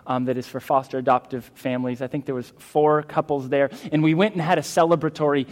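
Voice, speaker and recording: A man's voice: mid-range voice, steady tone, fast. A man preaching a sermon as a pastor, earnest and emphatic, with fillers and restarts. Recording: long hall reverb.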